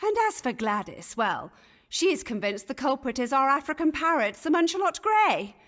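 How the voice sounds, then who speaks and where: Casting: flustered period gentlewoman, high bright voice with wide swoops, chattering old-fashioned speech. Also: sing-song, normal speed. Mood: gossipy. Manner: chattering archaic speech, easily scandalised. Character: fussy, gossipy Elizabethan gentlewoman.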